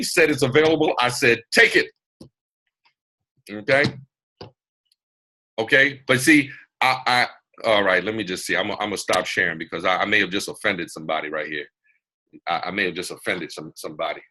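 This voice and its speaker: A man with a Southern US accent hosting a motivational mentorship webcast over a video call, talking in an animated, folksy, digressive way. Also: medium pitch. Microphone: computer mic on a video call.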